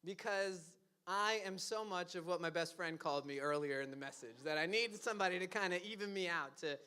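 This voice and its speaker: A man's voice: high voice, a little fast, pushed and bright, clear, resonant tone. A young man preaching a casual, conversational sermon, laughing often and acting out quoted lines with self-deprecating asides. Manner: acts out quoted lines in funny voices. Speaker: pastor.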